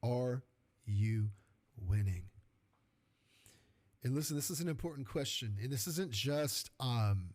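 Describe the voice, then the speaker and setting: A middle-aged man from California hosting a podcast, giving an energetic, colloquial motivational faith talk that keeps asking "right?". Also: medium pitch. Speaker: podcast host.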